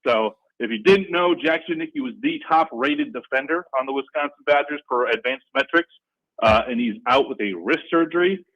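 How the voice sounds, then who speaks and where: A man calling in to a sports talk radio show, excitable and rambling, with lively jumps in pitch. The call sounds dull and lo-fi over the phone line. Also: moderate pace. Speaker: regular caller.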